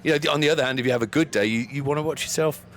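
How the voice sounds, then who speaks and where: A man's voice: on the high side, rapid-fire, a little hiss or hum. Man, ex-cricketer co-commentator, slightly out of breath, frank and easygoing. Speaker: former England cricketer, co-commentator. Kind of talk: expert summariser chat.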